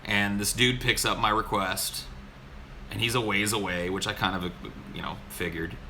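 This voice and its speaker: A man's voice: lowish voice, fairly even intonation, moderate pace, pushed and bright, slight background noise. A man co-hosting a podcast, telling a story in a casual, exasperated way, swearing often. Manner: profane, exasperated. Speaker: podcast co-host.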